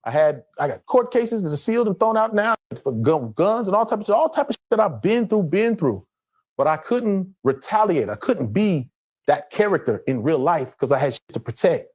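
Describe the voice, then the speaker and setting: A middle-aged man from Los Angeles tells his stories with a husky, slightly rough voice. He keeps the delivery animated, his pitch rising and falling a lot as he acts out the other people in them. It comes across as relaxed panel-show talk. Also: moderate pace. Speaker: guest actor.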